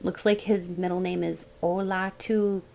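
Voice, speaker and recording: A woman giving a casual tarot reading, thinking aloud as she goes in a musing, unhurried way. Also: fairly low pitch, flat delivery, gravelly, warm tone, faint music behind, rough recording. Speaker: tarot reader.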